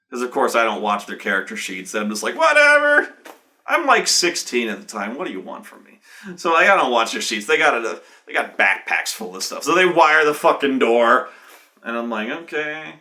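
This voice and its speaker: A man casually recounting a tabletop game session, profane and animated, with many "like" fillers. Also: mid-range voice. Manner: profane, animated, fills speech with "like". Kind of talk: casual anecdote.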